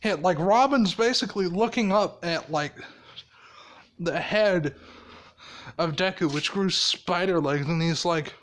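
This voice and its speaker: A man's voice: high-pitched, unhurried, pauses often, fairly bright tone. A man telling a made-up story casually, rambling and swearing, often laughing at his own ideas.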